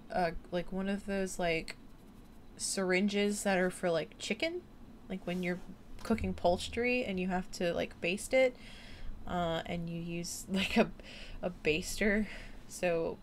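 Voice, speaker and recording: A woman's voice: on the low side, slow, slight background noise. A tired woman streamer chatting late at night, rambling and giggly with lots of fillers. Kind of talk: late-night casual chat.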